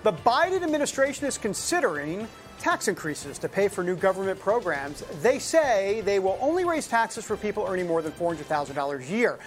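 A woman hosting a casual political talk show, chatty and often laughing as she reads. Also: medium pitch. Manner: chatty, laughs while reading.

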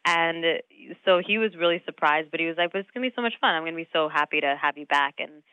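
A young adult actress talking casually in an interview, chatty, laughing often and full of fillers and restarts. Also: female voice, sits low, quick pace, smooth, no echo, narrow, tinny audio. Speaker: actress guest.

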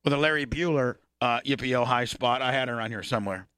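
A man's voice: mid-range voice, a little fast, fairly bright tone, no echo, studio quality. A man hosting his show, chatting casually and crudely, swearing constantly and bickering with his guests. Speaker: host.

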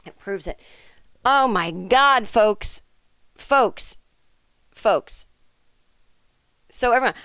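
A woman's voice: on the high side, animated, slow pace, pauses often, a bit bright, dry recording, clean studio sound. A woman hosting a comedic podcast, ranting in a sarcastic, indignant and profane way. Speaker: podcast host. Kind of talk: comedic rant monologue.

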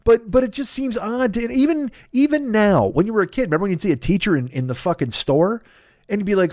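A man's voice: high-pitched, lively intonation, fast talker, a little mellow, dry recording, clean studio sound. A man in his fifties ranting in a comedic podcast monologue, swearing a lot and jumping between stories. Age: 50s. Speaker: podcast host.

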